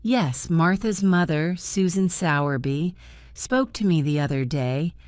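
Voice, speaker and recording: A woman's voice: on the low side, unhurried, darkish tone, dry recording, studio quality, close to an everyday voice. A woman voicing a sad, distracted older man who speaks in a subdued, kindly way in a storybook.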